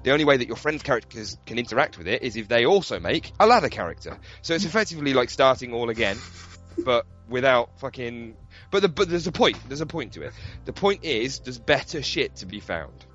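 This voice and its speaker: A man with a mid-range voice talks briskly about video games on a podcast, laughing and swearing through animated stories. The sound is lo-fi, and faint music runs underneath.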